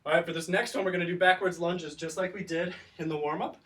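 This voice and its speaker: A man's voice: high-pitched, fairly even intonation, fast, a bit bright. Upbeat male teacher leading a workout. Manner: encouraging, counts down reps, explains as he exercises. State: breathing heavier from exercise. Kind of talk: instructional exercise video. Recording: voice distant from the mic.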